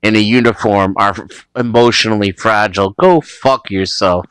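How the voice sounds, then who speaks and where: A man's voice: fairly low pitch, normal speed, a bit bright, smooth, no echo. A man on a call-in panel, blunt and profane. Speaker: caller.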